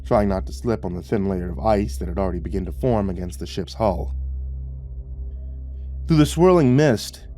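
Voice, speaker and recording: A man narrating a scripted sci-fi horror story in a steady, measured way. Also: sits low, soft background music.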